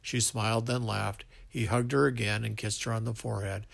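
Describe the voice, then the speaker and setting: A man's voice: fairly low pitch, level tone, normal speed, vocal fry, fairly bright tone. A man reading a love story aloud, stumbling now and then and restarting lines. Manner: unpolished reading with slips and restarts. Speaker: narrator.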